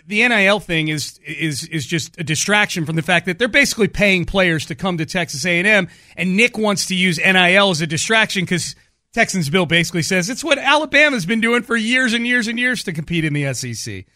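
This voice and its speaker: A man hosting a casual sports radio show, quick-talking and joking, on a studio mic. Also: high voice, expressive, pushed and bright, no room sound. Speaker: sports talk show host.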